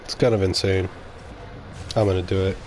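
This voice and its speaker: Low-voiced blunt male streamer. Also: level tone, normal speed, a little mellow, slight background noise. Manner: rambling, blunt, talks straight to chat. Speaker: game streamer. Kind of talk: casual live-stream chat.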